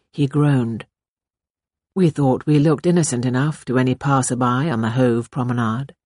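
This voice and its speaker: A woman narrating a novel in the first person, in a measured, intimate reading style. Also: rumbling low, darkish tone, husky, no room sound, clean studio sound. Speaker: audiobook narrator. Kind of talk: scripted narration.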